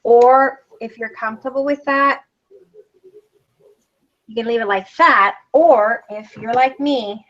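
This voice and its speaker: A woman's voice: fairly high pitch, slow, pauses often, fairly bright tone, lo-fi sound. A woman hosting a live craft demonstration, chatting casually as she explains each step. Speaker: craft tutorial host.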